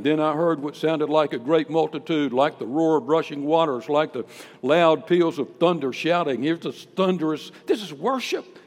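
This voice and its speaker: Pastor guy preaching, fairly high voice that swoops up and down a lot, big echoey church hall. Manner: emphatic preaching, rising to loud peaks on key phrases. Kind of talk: sermon. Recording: long hall reverb.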